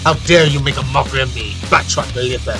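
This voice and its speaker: A man's voice: medium pitch, fast talker, loud music behind the voice, lightly acted. A man voicing a pompous male French villain with a put-on French accent, indignant and haughty, in a fan audio drama.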